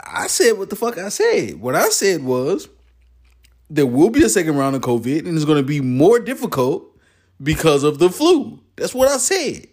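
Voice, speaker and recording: A man's voice: on the high side, huge pitch swings, moderate pace, a little mellow, breathy edge, voice pushed up, full character voice. A man imitating a nervous male official insisting on his earlier words. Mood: defensive. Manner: defensive, insistent.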